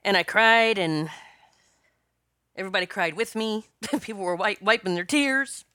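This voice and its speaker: A woman's voice: mid-range voice, normal speed, sharp tone, smooth, no room sound, clean studio sound. A woman hosting her own podcast as a spiritual coach, telling a personal story in a chatty, rambling way with many restarts and laughs. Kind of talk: casual solo podcast storytelling.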